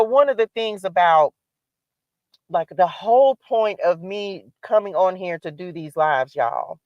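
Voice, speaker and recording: A woman's voice: medium pitch, dry recording. A woman hosting a spiritual live stream, giving an emphatic, preachy motivational talk that repeats its calls to action. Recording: dull lo-fi dry sound.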